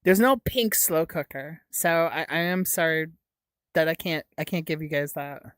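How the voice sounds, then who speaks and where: A woman's voice: sits low, normal speed, no echo. A young woman hosting a casual livestream, reading chat aloud with a giggly, stammering, jokey way of talking. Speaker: livestream host.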